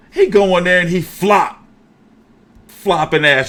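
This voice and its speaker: A man hosting a casual boxing show, talking in an animated, profane, jokey way. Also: fairly high pitch, normal speed, long pauses.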